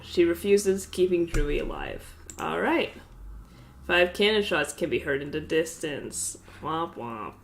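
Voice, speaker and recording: A woman's voice: lowish voice, slight background noise. Congested woman reading game events aloud. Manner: amused, offhand asides, frequent laughter. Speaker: streamer. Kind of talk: casual live-stream commentary reading out game events.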